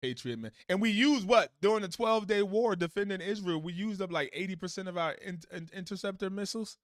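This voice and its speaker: Man, high voice, dry sound, live-stream host, profane heated rambling commentary. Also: fast talker, no echo. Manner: profane, animated, rambling with restarts. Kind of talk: casual heated reaction commentary.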